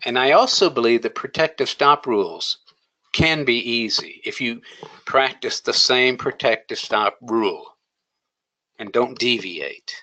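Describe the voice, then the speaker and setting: A man's voice: mid-range voice, a little slow, pushed and bright, low-quality recording. A man teaching a day trading lesson, coaching emphatically and asking rhetorical questions. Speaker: trading educator. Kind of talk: screen-share trading lesson.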